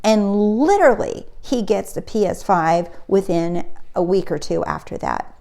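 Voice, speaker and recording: A woman's voice: medium pitch, lively intonation, a little slow, vocal fry, warm tone. A middle-aged woman, a spiritual coach, telling a personal story in a casual motivational talk and acting out the quotes.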